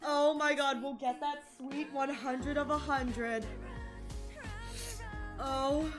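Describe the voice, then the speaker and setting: A woman's voice: sits high, fairly even intonation, measured pace, over music. A woman streamer chatting casually on a live game stream, gushing and emotional and often repeating herself.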